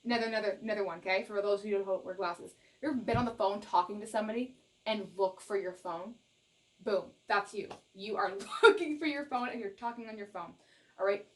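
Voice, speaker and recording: Excitable woman doing a tarot reading. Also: medium pitch, fairly quick. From Canada. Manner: laughing, repetitive, excitable, talks straight to viewers. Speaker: tarot reader. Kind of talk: casual tarot reading to camera.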